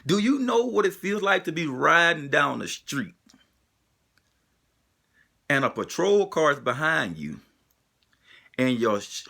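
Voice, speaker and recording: A man's voice: medium pitch, gravelly, bright, forceful tone. A man delivering an emotional spoken monologue, driving it forward with the same pointed rhetorical question again and again.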